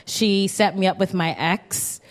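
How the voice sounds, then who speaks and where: A woman co-hosting a live comedy show, talking haltingly, with many ums and restarts. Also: medium pitch, fairly even intonation, noisy background. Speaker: podcast co-host. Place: live stage with an audience.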